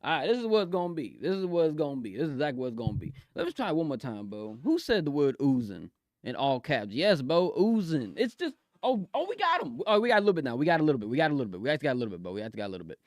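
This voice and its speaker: A young man chatting excitedly on a live stream, giggling often and talking in loose slang. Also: a little high, racing, dry recording, studio quality. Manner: excitable, giggly, slangy, keeps saying "bro". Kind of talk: casual live-stream chat. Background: faint music.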